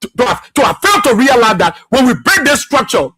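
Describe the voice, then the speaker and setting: A man's voice: very high-pitched, sing-song, brisk, pushed and bright, husky. A man hosting a political radio talk show, impassioned and repetitive, firing rhetorical questions and laughing often.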